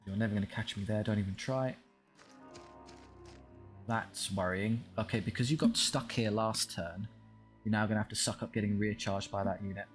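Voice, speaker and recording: Man, young adult, low-pitched, wry frustrated game commentary, talks to units, music in background. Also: steady tone, moderate pace, pauses often. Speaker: gaming channel host.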